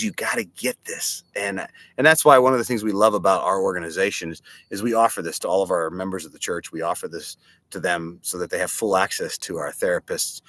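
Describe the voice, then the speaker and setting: A man from a church giving an animated motivational talk and telling stories, speaking from a boat. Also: deep voice, no room sound. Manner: animated, storytelling, direct questions to listeners. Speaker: church leader.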